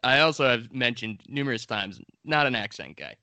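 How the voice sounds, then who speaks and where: A man's voice: mid-range voice, big pitch swings, moderate pace, sharp tone, dry recording. A man from Long Island co-hosting a podcast, chatting eagerly and rambling with many restarts. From Long Island, New York. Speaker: podcast co-host. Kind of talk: casual podcast chat.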